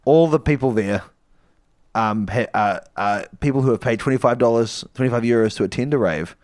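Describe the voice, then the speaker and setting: A man's voice: medium pitch, fairly quick, darkish tone. Rambling man co-hosting a comedy podcast. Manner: rambling, laughs mid-sentence, frequent restarts. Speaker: podcast co-host. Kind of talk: improvised comedic retelling.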